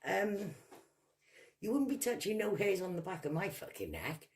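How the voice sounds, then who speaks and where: A woman's voice: mid-range voice, very animated, normal speed, a little mellow. A woman from Wales with a Welsh accent, ranting combatively and swearing freely in a vlog. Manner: combative, profane, mocking. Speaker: vlogger. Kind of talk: angry vlog rant.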